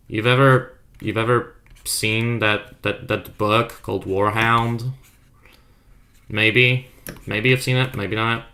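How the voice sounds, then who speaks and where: A man's voice: mid-range voice, animated, unhurried, sharp tone. A young man and non-native English speaker with a self-made accent, chatting playfully and trolling on an art stream while reading chat aloud. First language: not English. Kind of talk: casual live-stream chat.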